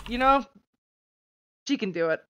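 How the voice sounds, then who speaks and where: A woman's voice: fairly high pitch, expressive, a little slow, bright, forceful tone, smooth. A woman chatting casually as a tabletop game player, teasing and tripping over repeated words. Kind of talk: casual chat among players.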